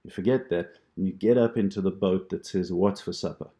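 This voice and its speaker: A man teaching a prayer practice, explaining it gently and reassuringly with imagery. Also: low voice, fairly quick. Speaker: meditation teacher. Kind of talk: instructional talk on prayer practice.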